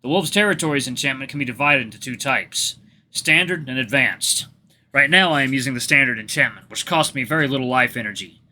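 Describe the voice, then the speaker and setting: Stern alpha wolf, read by a man, calm and commanding, bright voice, matter-of-fact lecturing. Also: mid-range voice, a little fast.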